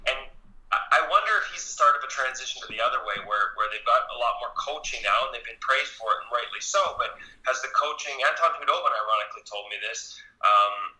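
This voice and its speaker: Bright-voiced man in a roomy space. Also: medium pitch, fast talker. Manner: thoughtful, hedging, many restarts. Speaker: goaltending analyst guest. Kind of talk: interview analysis.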